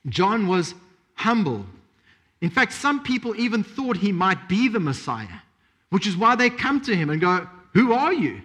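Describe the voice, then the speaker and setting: A man's voice: high-pitched, a bit bright. A man preaching a sermon, emphatic, repeating key phrases and asking rhetorical questions.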